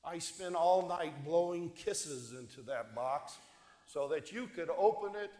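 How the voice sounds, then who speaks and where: A man voicing a gentle, tearful little girl in an echoing church. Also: a little high, measured pace, lightly acted. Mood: tender. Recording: echoey church hall.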